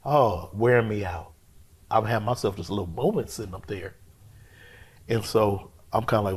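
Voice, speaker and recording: A man, a pastor and guest, telling a personal testimony in an interview, colloquial and expressive, acting out what he said to himself. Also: fairly low pitch, normal speed, husky. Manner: expressive, colloquial storyteller who acts out his own inner voice.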